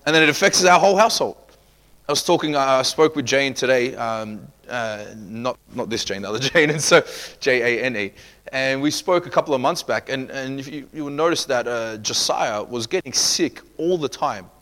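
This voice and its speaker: A man's voice: medium pitch, moderate pace, a bit bright. A man preaching a sermon as pastor, emphatic, acting out quoted people in asides.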